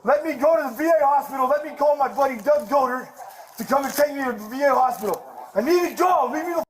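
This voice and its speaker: A man detained by police, pleading, shouting and cursing outside his apartment, picked up by a police body camera. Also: very high-pitched, fast talker, low-quality recording. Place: outdoors near an apartment. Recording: body cam audio with crowd noise.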